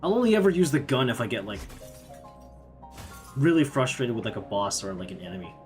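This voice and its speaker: A man's voice: medium pitch, sing-song, fairly quick. A man from Canada giving chatty, self-mocking commentary as he plays a video game. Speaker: streamer. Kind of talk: casual gameplay commentary. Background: faint game music.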